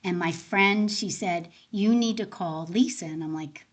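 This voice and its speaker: With a lowish voice and measured pace, an end of life doula appears as an interview guest. She shares personal stories in a casual, animated way, performing the quoted dialogue within them.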